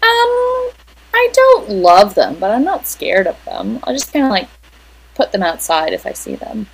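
A woman's voice: a little high, wildly swooping pitch, measured pace, low-quality recording. A young woman co-hosting a podcast in casual chat, chatty and teasing, lingering over small details. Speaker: podcast co-host.

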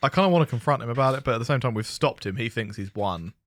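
A man's voice: medium pitch, very fast, no echo. A man playing a tabletop game, joking and chatting casually. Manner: joking, giggly, animated. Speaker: player.

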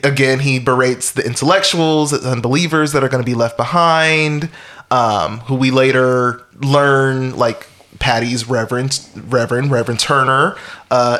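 A podcast co-host casually chats through a film's plot, rambling and wry, full of chuckles and fillers. He has a mid-range voice with a fairly bright tone.

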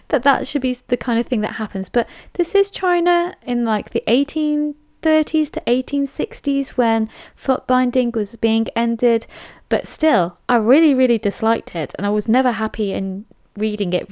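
A woman's voice: fairly high pitch, no room sound, clean studio sound. An English woman giving a chatty, candid book review monologue, emphatic and full of fillers. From England.

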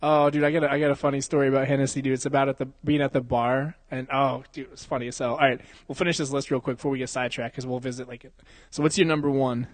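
A man's voice: medium pitch, flat delivery, quick pace, dry recording. Profane laughing young man, dry close mic. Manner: profane, laughs often, slangy. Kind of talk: crude casual banter.

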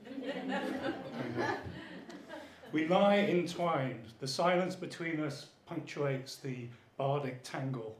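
A man's voice: on the high side, slow pace, hardly any pauses. Man reading lyrical poetry in an echoey room. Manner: earnest, lyrical delivery. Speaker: poet.

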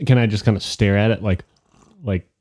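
A man's voice: fairly low pitch, fairly even intonation, brisk, darkish tone. A man playing a tabletop game, talking hesitantly with many fillers and reading out spell rules. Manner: hesitant, filler-heavy, reads rules aloud. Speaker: player. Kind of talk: casual tabletop game chat.

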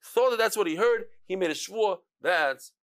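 A man's voice: high-pitched, moderate pace. A man teaching a Talmud class, who acts out the people he quotes and uses terms. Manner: animated, acts out quoted speakers, mixes Hebrew and Yiddish terms.

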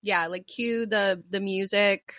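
A woman's voice: medium pitch, steady tone, slow pace, fairly bright tone, no echo. A woman co-hosting a podcast, telling a story in casual chat and laughing often. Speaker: podcast co-host.

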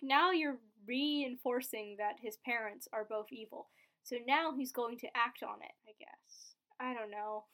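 A woman with a fairly high voice talks through a soap opera episode in a loose, rambling way. She is chatty and casual, leaning on "like" and "I was like" as she goes. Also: fairly bright tone. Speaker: soap opera recap vlogger.

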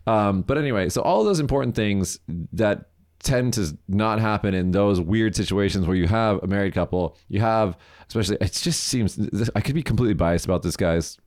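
A man co-hosting a casual chat, animated, acting out people in quoted voices and laughing often. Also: fairly low pitch, a little fast. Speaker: podcast co-host. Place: lives in Japan.

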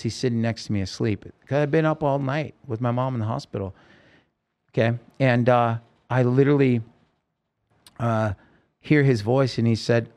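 A man's voice: fairly low pitch, gravelly, a little mellow. A man telling his story as a podcast guest, rambling and emotional, with many fillers. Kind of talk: casual storytelling interview.

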